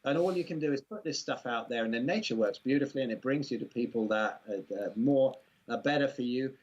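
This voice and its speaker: A man's voice: mid-range voice, fairly quick, darkish tone. A man with an English accent, a guest in a casual interview, talking in long rambling runs full of "you know" asides. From England. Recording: muffled lo-fi recording.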